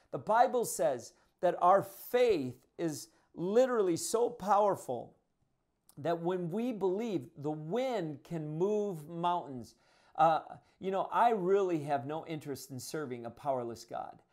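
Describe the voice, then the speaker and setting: A man's voice: high-pitched, darkish tone. A male pastor delivering a sermon, talking in a conversational, earnest way and often restarting his phrases.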